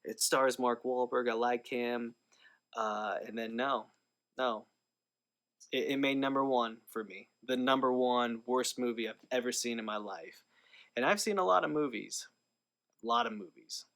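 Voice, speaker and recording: A man's voice: medium pitch, fairly bright tone, smooth. A man talking casually to camera in a movie review vlog, rambling with lots of fillers and restarts.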